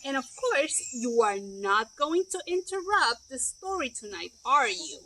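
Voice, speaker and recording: A woman's voice: high-pitched, very animated, measured pace, a little hiss or hum, heavily acted, rough recording. Woman reading as a patient papa chicken. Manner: gentle, mildly stern. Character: patient father chicken at bedtime.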